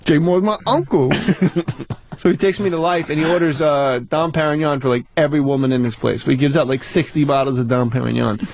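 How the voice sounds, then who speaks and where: A man's voice: medium pitch, steady tone, fast talker, vocal fry, hardly any pauses, a little mellow, no echo. A man casually telling a profane, laugh-filled anecdote to friends. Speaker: podcast host telling a story. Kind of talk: casual storytelling among friends.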